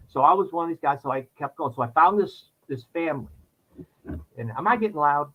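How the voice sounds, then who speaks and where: A man telling a personal story on a podcast in casual chat, his voice jumping high when he acts out his younger self. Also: animated, fairly quick, husky, highs cut off. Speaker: podcast guest.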